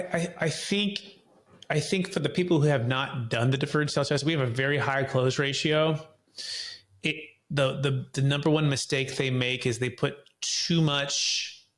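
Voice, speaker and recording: A man who is a podcast guest. He tells stories animatedly and acts out dialogue in lively voices. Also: mid-range voice. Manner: repeats words when starting sentences. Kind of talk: animated storytelling.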